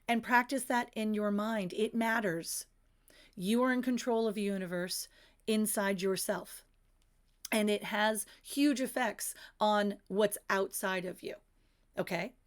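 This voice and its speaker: A woman's voice: mid-range voice, a little slow. Earnest woman coaching on a livestream. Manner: earnest, encouraging, with an instructive tone. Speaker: livestream host and manifestation coach. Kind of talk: casual live-stream teaching.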